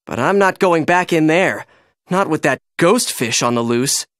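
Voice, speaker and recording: A storybook reader voicing an excitable small boy fish in a raised, childlike voice. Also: medium pitch, unhurried, no room sound, studio quality.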